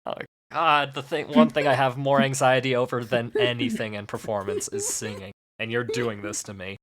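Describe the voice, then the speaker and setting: A man's voice: mid-range voice, flat delivery, normal speed, crowd noise. A man co-hosting a podcast in casual comedic chat, joking and improvising sing-song ditties. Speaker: podcast co-host.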